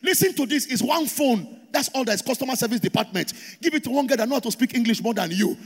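Animated Nigerian pastor, high and lively. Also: male voice, quick pace, husky. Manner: animated preaching with call-and-response to the congregation. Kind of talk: sermon. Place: large church auditorium. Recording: long hall reverb.

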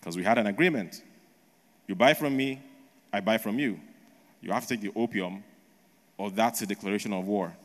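A man's voice: fairly low pitch, normal speed, long pauses, natural voice. A preacher acting out a pushy male trader of an empire, voicing him in a raised, insistent tone. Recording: long echo of a large hall.

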